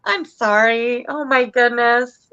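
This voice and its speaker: A woman's voice: on the high side, slow, pushed and bright, clear, resonant tone, dull audio. A woman co-hosting a casual crochet livestream, gushing with lots of "like"s. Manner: gushing, many "like"s.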